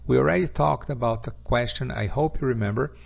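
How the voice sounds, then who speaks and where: A man's voice: medium pitch, fairly quick, creaky, muffled recording. A man teaching an English grammar lesson, patiently repeating example questions and answers, speaking English as a non-native with Portuguese as his first language.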